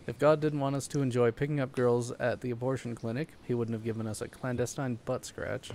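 A man's voice: medium pitch, flat delivery, a little fast, a little mellow, slight background noise. A man reading cards aloud at a game night and razzing his friends.

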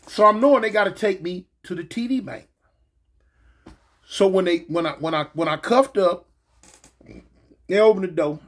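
A man casually telling a story from his past, slangy and animated, jumping in pitch and making sound effects as he goes. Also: moderate pace, long pauses. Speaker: storyteller recounting his prison days.

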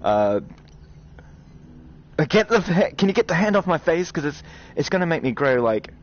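A man hosting a gaming video, talking to his viewers in excited, animated commentary, quick to swear and exclaim. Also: on the high side. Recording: slightly dull recording with game music.

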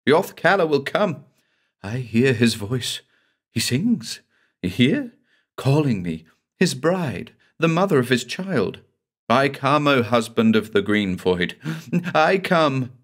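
A man's voice: medium pitch, very animated, slow, voice pushed up. A man voicing a terrified, half-possessed young woman who babbles and sobs. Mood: entranced. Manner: babbling, sobbing, pleading.

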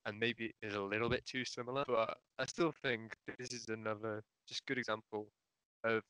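A man's voice: lowish voice, level tone, normal speed, a bit bright, clean tone, no room sound, rough recording. A man co-hosting a podcast over a video call, musing hesitantly about an album with many fillers. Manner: hesitant, restarts and fillers, thoughtful. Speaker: podcast co-host. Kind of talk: casual music discussion. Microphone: video call mic.

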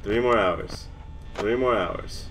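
A man's voice: fairly low pitch, slow, a bit bright, a little hiss or hum. A nervous young man commentating a horror game, stammering, swearing and shaking with fear. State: shaking with nerves. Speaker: gamer.

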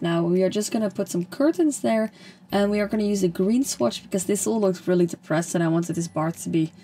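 A woman's voice: medium pitch, mellow. A young woman rambling through a casual voice-over of a game build, with lots of fillers and a slightly strained, fading voice. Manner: rambling, chatty, with many fillers and restarts. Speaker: gaming channel host.

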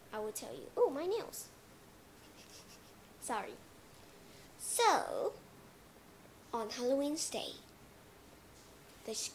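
A woman's voice: sits high, a little hiss or hum. A woman teaching simple in a playful way, acting out little scenes with sound effects. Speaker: English teacher. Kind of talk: simple English lesson for learners.

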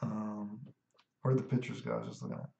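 A man's voice: lowish voice, sing-song, quick pace, creaky, mellow. A man streaming a fighting game, commentating in a brash, boastful, profane way. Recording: echoey room, dull lo-fi mic.

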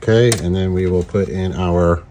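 A man's voice: sits low, fairly even intonation, normal speed, warm tone, a little hiss or hum. A man hosting a casual do-it-yourself lure-making video, joking around with playful wordplay. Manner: jokey, goofy wordplay. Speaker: host making fishing lures. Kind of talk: casual DIY tutorial.

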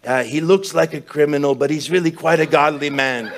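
A man's voice: a little high, brisk, slight background noise, voice pushed up, natural voice. A man doing a raised-voice teasing introducer.

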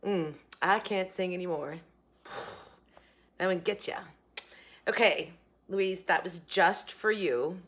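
Chatty woman vlogger, bright voice. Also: mid-range voice. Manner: chatty and rambling, excitable. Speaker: food and bargain vlogger. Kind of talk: casual vlog chat.

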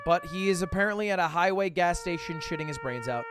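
A man's voice: high voice, lively intonation, fast, music in the background. A young man streaming, telling a rambling story to his chat with lots of restarts and swearing.

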